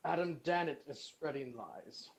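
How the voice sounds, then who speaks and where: A man's voice: on the high side, a little slow, poor audio. A man speaking as his character in a tabletop game, casual and a bit hesitant. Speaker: player. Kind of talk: in-character tabletop role-play.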